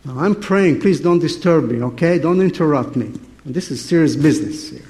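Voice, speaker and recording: A man plays a fiery, stubbornly devout fisherman apostle, middle-aged and quick to protest. His voice sits fairly high, and he throws out loud exclamations. It comes across as a lively preacher's sermon dramatization. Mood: indignant. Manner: animated, exclamatory, indignant protests.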